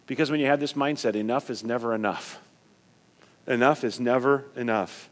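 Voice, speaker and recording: A man preaching a sermon as pastor, swinging from emphatic loud points to quiet, low asides. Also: moderate pace, big-room sound.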